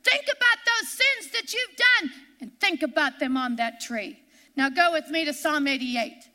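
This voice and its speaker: A woman pastor preaching a sermon in a church, repeating her lines and slowing down to cry out the verses she reads. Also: high voice, animated. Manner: impassioned preaching, repeats lines, slows and shouts on scripture.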